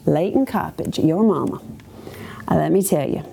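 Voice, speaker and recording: Woman giving a church testimony, mellow voice, animated and chatty. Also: deep voice, normal speed, gravelly, slight background noise. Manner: chatty, animated storytelling with asides. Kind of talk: personal testimony to a church congregation.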